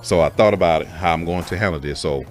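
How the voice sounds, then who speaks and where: A man's voice: low-pitched, quick pace, faint music behind. A man telling a personal story in a candid, profane way, speaking straight to his listeners as folks. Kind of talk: casual spoken story.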